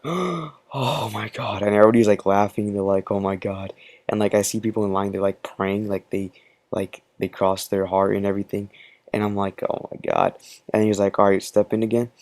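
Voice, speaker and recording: A man's voice: fairly low pitch, completely flat delivery, fast, a little mellow, no echo. A man telling a personal story in casual commentary, rambling with many fillers. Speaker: channel host.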